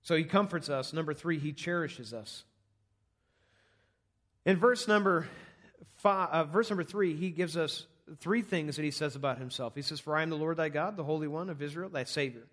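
A man's voice: on the high side, moderate pace, a bit bright. A man preaching an earnest, conversational sermon, walking through numbered points on a scripture passage. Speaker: pastor.

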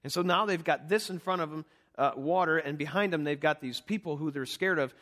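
A middle-aged man preaching a sermon in a conversational, animated way, acting out voices from the Bible story. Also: fairly high pitch, a little fast. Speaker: pastor.

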